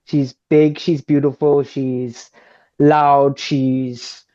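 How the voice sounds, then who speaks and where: A man hosting a podcast interview, talking in an animated, enthusiastic way with laughs. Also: mid-range voice, very slow, dull audio. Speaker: podcast host. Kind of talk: casual interview chat.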